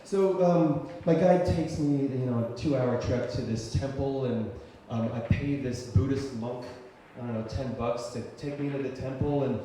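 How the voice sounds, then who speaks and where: A man telling a personal story live on stage, conversational and full of fillers and restarts, bursting into loud shouts when he voices his own thoughts. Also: medium pitch, normal speed, few pauses. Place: cultural center stage before an audience. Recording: very echoey hall, faint noise.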